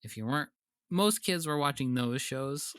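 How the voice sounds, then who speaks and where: A man co-hosting a podcast in casual chat, laughing often and tossing in quick wry asides. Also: mid-range voice, animated, a bit bright, smooth, dry recording, clean studio sound. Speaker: podcast co-host.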